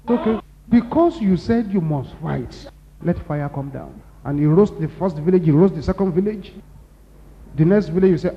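A man with a Nigerian accent preaching a sermon, emphatic and repetitive, building to loud exclamations. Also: sits high, lively intonation, brisk. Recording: dull lo-fi recording in a reverberant hall.

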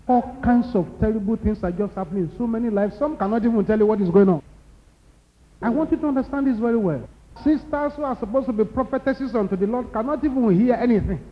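A man with a Nigerian accent preaching a sermon, emphatic and repetitive, building to loud exclamations. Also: extremely high pitch. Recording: dull lo-fi recording in a reverberant hall.

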